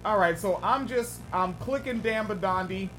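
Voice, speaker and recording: A man's voice: sits high, moderate pace, a bit bright, a little hiss or hum. Joking, loose-talking male podcast host. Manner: loose, profane, joking banter. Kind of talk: casual chat.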